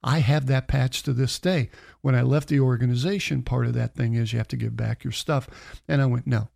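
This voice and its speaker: Speaking a little fast in a creaky, medium-pitched voice, a middle-aged man recounts a personal anecdote as an interview guest. The chat is casual, and he animatedly performs each quoted line of dialogue.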